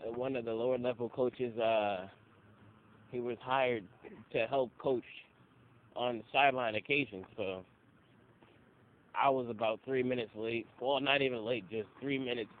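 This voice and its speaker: A man's voice: medium pitch, fairly even intonation, normal speed, long pauses. A young man telling casual stories, loose and profane, acting out the people he quotes. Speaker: interviewee. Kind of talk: casual storytelling. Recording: phone-like audio with faint noise.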